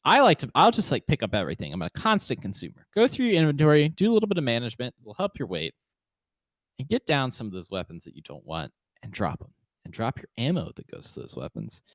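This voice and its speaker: A man's voice: medium pitch, huge pitch swings, fast talker, dry recording. A man co-hosting a gaming podcast, chatting casually and joking, with rambling sentences full of fillers. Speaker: podcast co-host. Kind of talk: casual chat.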